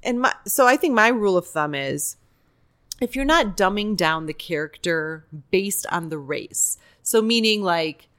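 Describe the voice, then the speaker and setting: A woman's voice: medium pitch, expressive, a little slow, fairly bright tone. A woman speaking as a podcast guest and improviser, telling candid, digressive stories with plenty of "like" and "you know". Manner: chatty, digressive, many fillers like "like" and "you know"; acts out quoted voices while telling stories. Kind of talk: candid conversational storytelling.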